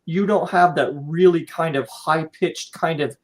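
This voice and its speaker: A man's voice: a little high, measured pace, low-quality recording. An American man hosting a casual podcast interview, rambling, encouraging and joking with his guest. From United States. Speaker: podcast host.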